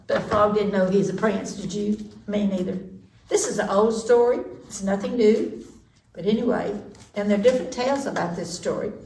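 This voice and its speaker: Woman reading a kids' storybook aloud, animated, roomy echo, mic a way off. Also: mid-range voice, creaky, a little hiss or hum. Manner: animated, lively read-aloud with sound effects. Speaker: library storytime reader. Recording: echoey room, distant mic.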